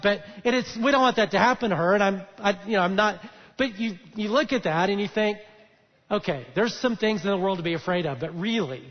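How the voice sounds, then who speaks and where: A pastor with a high voice gives a sermon in a loose, conversational way, pausing often on fillers. His voice carries a long reverb in a church auditorium. The sound is a bit muffled. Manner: conversational storytelling with frequent fillers. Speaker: lead pastor. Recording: dull echoey church hall.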